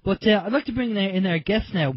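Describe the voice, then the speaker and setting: A man's voice: high-pitched, fast talker, husky, no room sound. Chatty Irish man hosting radio. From Ireland. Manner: chatty, rambling, many fillers. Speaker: radio show host. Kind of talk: casual radio talk. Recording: dull lo-fi internet radio.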